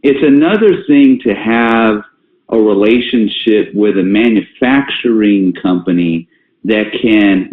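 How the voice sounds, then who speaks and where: Deep-voiced guy rambling on a conference call, tinny phone sound, echoey. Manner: rambling, many fillers and restarts. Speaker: company executive hosting a conference call. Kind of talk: casual conference-call talk. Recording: tinny phone line with roomy echo.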